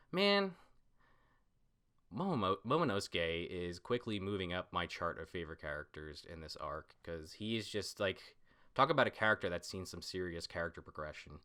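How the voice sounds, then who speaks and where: Man, manga reaction host, lowish voice, bright tone, casual, excited, swears casually. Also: normal speed, clean tone.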